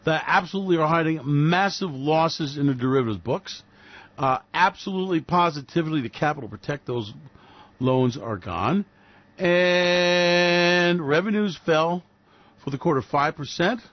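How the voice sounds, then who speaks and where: Snarky cussing radio guy, kinda high voice, dry muffled sound. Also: normal speed, no room sound. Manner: sarcastic, profane, mocking. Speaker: radio show host. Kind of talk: solo financial commentary rant.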